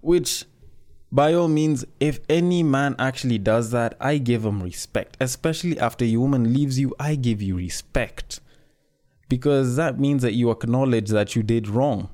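A man's voice: mid-range voice, moderate pace, darkish tone. A man giving casual, frank commentary, talking conversationally and swearing freely.

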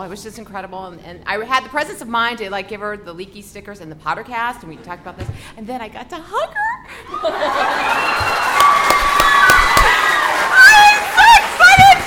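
A woman co-hosting a podcast, telling an excited, rambling story with lots of giggles and restarts. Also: a little high, heavy background noise. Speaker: podcast co-host.

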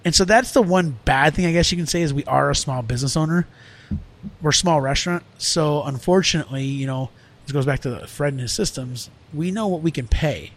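A middle-aged restaurant owner talking earnestly in a casual podcast conversation, rambling with lots of fillers. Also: male voice, a little high, brisk.

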